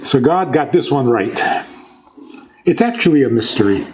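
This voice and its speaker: A rabbi gives an informal talk on scripture, conversational in tone, asking his audience questions and joking along the way. His mid-range voice is very animated and a little mellow at a normal speed, with slight hiss or hum in the audio.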